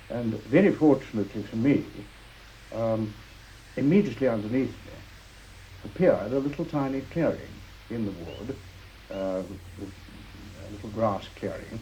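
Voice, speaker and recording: An older man recounting a personal memory in an understated, halting way, with frequent pauses and fillers. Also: medium pitch, dark tone, slight background noise, poor audio. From Britain. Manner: understated, halting, with many uhs. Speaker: interviewee, war veteran. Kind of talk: personal recollection.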